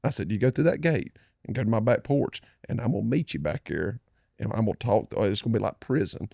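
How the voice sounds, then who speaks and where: A man's voice: lowish voice, animated, fast, creaky, dark tone, dry recording, studio quality. A man hosting a podcast, telling stories in casual chat. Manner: storytelling, drawling Southern banter. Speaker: podcast host.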